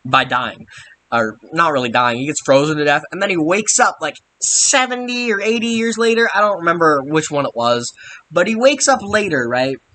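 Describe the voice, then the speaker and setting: A young man rambles through a comedic movie recap in a sarcastic, offhand way. His voice sits a little high and sounds bright, with a casual, chatty delivery. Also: animated, normal speed. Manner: rambling, sarcastic, frequent mild swearing substitutes. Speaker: youtuber recapping a film.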